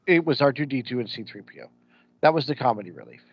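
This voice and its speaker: Here a co-host with a Midwestern American accent talks fast in an expressive, mid-range voice with a breathy edge. The chat is casual and opinionated; he's blunt and says things like "ain't," over dull lo-fi podcast sound.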